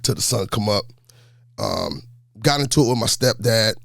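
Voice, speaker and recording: A gravelly, lowish male voice, a coach in his forties telling his own story in a relaxed, lively way. The sound is dry and close. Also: moderate pace, no room sound. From New York. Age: 40s. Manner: laid-back, animated storyteller. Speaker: high school basketball coach. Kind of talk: storytelling in an interview.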